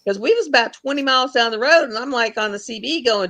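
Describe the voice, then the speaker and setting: A woman's voice: on the high side, quick pace, pushed and bright. A woman hosting a livestream, telling rambling, folksy stories in casual chat. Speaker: livestream host.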